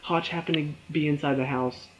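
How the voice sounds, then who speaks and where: A man's voice: a little high, steady tone, moderate pace, a bit bright, lo-fi sound, a little hiss or hum. A young man reviewing a TV episode in a casual, rambling way, laughing often and acting out his own reactions.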